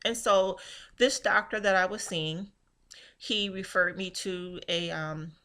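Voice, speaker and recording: A woman's voice: mid-range voice, steady tone, slow, pushed and bright. A woman giving an earnest personal testimony as a patient, telling her story with emphasis and acting out past conversations in quotes.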